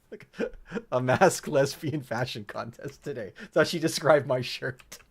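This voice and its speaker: At a measured pace, a man with a mid-range, slightly breathy voice streams a video game from home. He chats casually and thinks aloud, filling his speech with lots of fillers.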